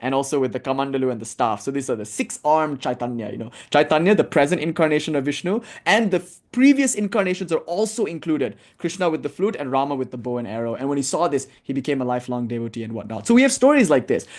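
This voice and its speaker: A man giving a casual, animated spiritual lecture, telling stories and acting out what people say. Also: mid-range voice, fast talker, hardly any pauses. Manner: animated storytelling, casual, acts out quotes. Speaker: spiritual teacher.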